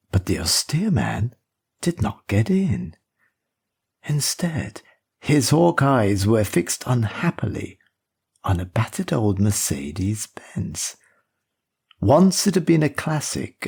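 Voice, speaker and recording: A man narrating an audiobook in a measured, expressive storytelling manner. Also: lowish voice, creaky, husky. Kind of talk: scripted narration.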